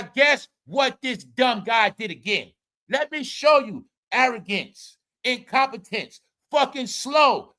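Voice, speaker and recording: A man hosts a celebrity gossip commentary, cursing and mocking as he rants. His voice is high and bright. He swings from loud shouts down to low mutters. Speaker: commentary show host.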